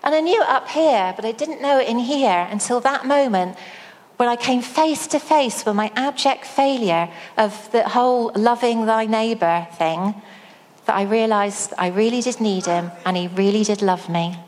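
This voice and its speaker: A woman giving a sermon, telling a personal story with a slow, storytelling delivery. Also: on the high side, darkish tone, in a large hall. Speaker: speaker at a church service.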